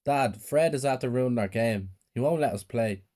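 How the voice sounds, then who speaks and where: A mean brother who taunts and threatens his sibling, played by a male narrator. The voice is a touch raised, sneering, and set over a mellow, low tone. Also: normal speed, natural voice. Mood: taunting. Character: mean, bullying older brother.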